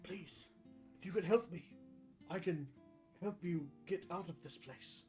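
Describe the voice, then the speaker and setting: A man's voice: sits high, unhurried, over music, rough recording. A man voicing a small pink male fairy dragon who pleads politely and formally for rescue. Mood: pleading.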